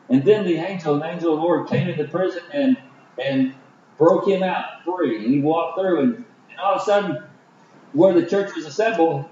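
A man's voice: a little high, dark tone, a little hiss or hum. Man preaching from far off in a roomy hall. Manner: halting, many fillers and restarts. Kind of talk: Bible study sermon. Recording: distant, roomy, dull lo-fi.

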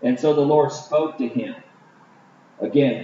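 A man preaching a Bible study sermon, halting with many fillers and restarts. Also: mid-range voice, dark tone, slight background noise. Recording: distant, roomy, dull lo-fi.

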